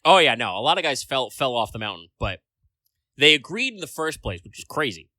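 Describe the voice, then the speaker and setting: A man's voice: medium pitch, very animated, fairly quick, sharp tone, dry recording. A man co-hosting a casual podcast chat, rambling along with lots of filler words and casual swearing. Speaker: podcast co-host.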